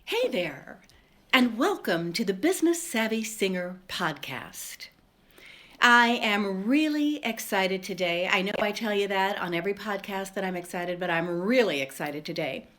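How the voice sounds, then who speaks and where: A woman's voice: mid-range voice, animated, measured pace, sharp tone. A woman hosting a podcast interview, enthusiastic and effusive with her guest. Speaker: podcast host.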